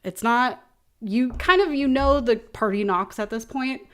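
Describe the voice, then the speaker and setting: A woman's voice: on the high side, a little slow. A woman game master narrating a tabletop game in a casual, chatty, giggly way.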